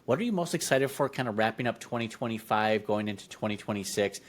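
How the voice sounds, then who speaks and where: A podcast host with a fairly low, animated voice talks at a quick pace in a conversational interview. He affirms his guest and asks questions in a friendly way.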